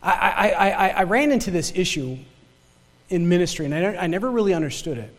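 A man's voice: high-pitched, expressive, brisk, big-room sound. A male pastor from northern Michigan with a Yooper accent, preaching a sermon full of rhetorical questions and repeated words.

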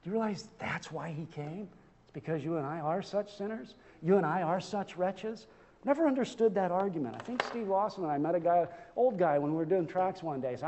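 A man's voice: high voice, brisk, a little mellow, big-room sound. A male pastor preaching a sermon, impassioned, with rhetorical questions and repeated phrases.

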